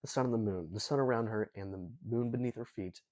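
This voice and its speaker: A young man telling the story in an easygoing, jokey way, tossing in slang and asides as he goes. His voice sits a bit low and sounds soft and mellow. The recording is dull and lo-fi. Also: fast. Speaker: host. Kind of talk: casual storytelling lesson.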